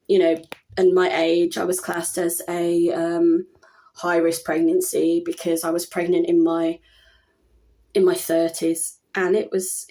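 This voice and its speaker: A woman's voice: mid-range voice, mellow. Woman in her 30s, chatty and rambly, lots of ums, talking to the camera at home. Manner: chatty, rambling, with many fillers and restarts. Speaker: vlogger. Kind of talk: casual personal talk to camera.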